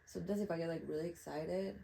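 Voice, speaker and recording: A young woman whose first language is Spanish muses aloud, candid and self-reflective, as she paints outdoors at night. Her voice sits low and carries a gravelly fry with a mellow tone. A faint hiss of noise hangs under the recording. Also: steady tone, fast talker, rough recording. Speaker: artist. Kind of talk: casual talk while painting.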